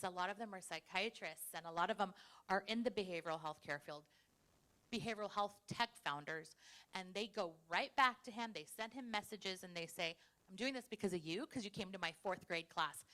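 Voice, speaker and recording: A woman's voice: mid-range voice, pushed and bright. A woman speaking on a conference panel, earnest and data-minded as she makes her case. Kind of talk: panel discussion.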